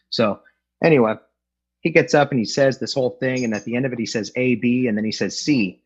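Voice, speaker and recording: Middle-aged man, dry storyteller with a husky voice, joking through his recovery share on a dull-sounding online call. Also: medium pitch, brisk. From Los Angeles, California. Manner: wry, joking, acts out quoted voices. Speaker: AA speaker. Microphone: video call.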